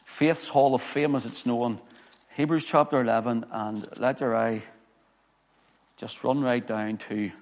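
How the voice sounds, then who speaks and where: A man's voice: medium pitch, fairly even intonation, measured pace, darkish tone. A man preaching a sermon as pastor, reading scripture with emphasis and telling personal stories. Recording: long hall reverb.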